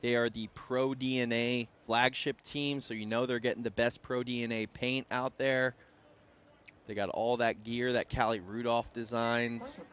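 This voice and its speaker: Energetic male sports commentator. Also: medium pitch, unhurried, smooth. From Rhode Island, US Northeast. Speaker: play-by-play commentator.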